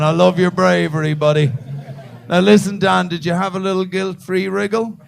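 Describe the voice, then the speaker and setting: Stand-up comic, man, gravelly and a touch high, sweary, ribbing the crowd. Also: normal speed, a little hiss or hum. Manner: swearing, animated, teasing an audience member. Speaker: stand-up comedian. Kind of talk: stand-up comedy crowd work. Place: comedy club stage.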